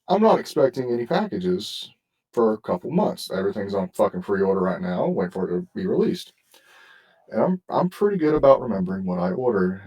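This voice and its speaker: Man, gravelly husky voice, swearing podcast host, a bit far from the mic. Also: lowish voice. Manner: animated, swears constantly. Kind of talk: profane storytelling chat.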